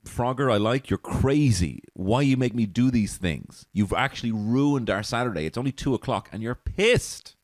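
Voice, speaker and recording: A man's voice: mid-range voice, expressive, moderate pace, hardly any pauses, no echo, pitched above the performer's own voice, natural voice. An irritated ape with a lilt is put on by a man. He scolds in a nagging tone, and his voice rises above its usual depth. The delivery climbs into yelps of frustration. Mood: exasperated. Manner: nagging, rising to a yelp. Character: exasperated male ape scolding a drunk friend.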